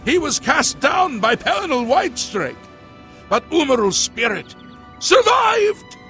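An actor plays a solemn old male prophet in a video game, declaiming dire warnings about an ancient sorcerer's return and chanting in ancient words. His exaggerated voice is very high, very animated, a little slow, pushed and bright, over faint background music.

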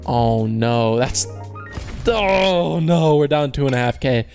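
Over soft background music, a young man with an expressive, mid-range voice gives slow, excited commentary while opening online cases. Speaking slang to his audience, he lurches from frustrated groans at losses to loud cheers at wins.

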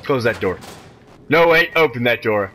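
A man's voice: mid-range voice, expressive, normal speed, sharp tone, a little hiss or hum. A man giving let's-play commentary on a horror game, jumpy and nervous, swearing a lot and talking to himself in nervous rambles. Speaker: video game player.

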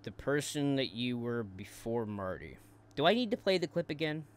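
Male commentary host, mocking and profane, mid-pitched everyday voice, stumbles over repeats. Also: very animated, moderate pace, a little hiss or hum. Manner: taunting, crude, repeats words in bursts.

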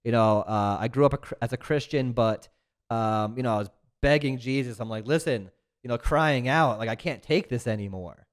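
A man's voice: mid-range voice, moderate pace, clean tone. A man speaking as a guest in a casual interview, talking earnestly and reflectively about his own life. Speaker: podcast guest, business owner.

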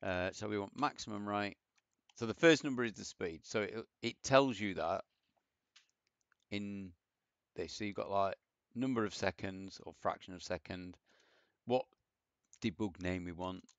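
A man's voice: fairly low pitch, a little slow, fairly bright tone, no echo. A man casually thinking aloud through a programming tutorial, rambling and self-deprecating as he types. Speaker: programming teacher. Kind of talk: casual coding tutorial with screen share. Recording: dull, lo-fi dry mic.

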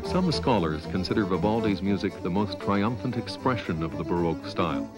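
A man narrating a documentary with calm, measured scripted storytelling. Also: deep voice. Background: music.

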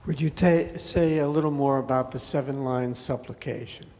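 A man at a retreat asking the teacher a question, halting and hesitant. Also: mid-range voice, steady tone, darkish tone. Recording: distant from mic in reverberant hall.

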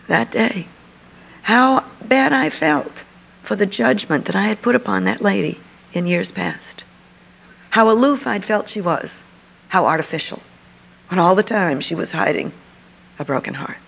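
A woman's voice: mid-range voice, expressive, moderate pace, gravelly, long pauses, breathy edge, lo-fi sound. An older woman, a Christian speaker, telling a personal story to an audience in an earnest, emphatic way.

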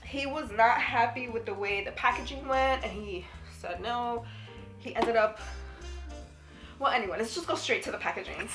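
A sick, out-of-breath woman chatting excitedly in a beauty vlog, coughing and sighing. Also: a little high. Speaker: beauty vlogger. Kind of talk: casual vlog chat. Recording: echoey room with background music.

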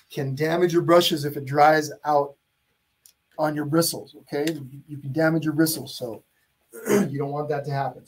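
Male art instructor, live stream, friendly and chatty, slightly higher voice with a husky edge. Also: a little mellow. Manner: chatty, greets viewers by name. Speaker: painting instructor. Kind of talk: live-streamed painting lesson.

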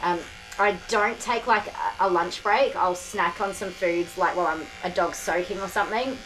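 A woman's voice: on the low side, steady tone, normal speed, a bit bright, a little hiss or hum, poor audio. A tired woman, a dog groomer chatting casually to the camera on a tripod while soothing a dog. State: tired, sore back. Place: grooming room. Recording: clippers buzzing behind.

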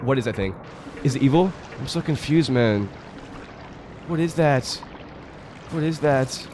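A young man giving loose, excitable commentary while playing a video game, swearing often and talking to his chat. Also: medium pitch, unhurried, noisy background. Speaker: gaming streamer. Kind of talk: casual let's-play commentary. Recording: game music playing behind. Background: game music.

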